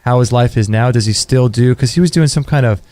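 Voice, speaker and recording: A man hosting a radio talk show, relaxed and rambling with restarts. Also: mid-range voice, brisk, no echo. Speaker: podcast host. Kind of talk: casual chat.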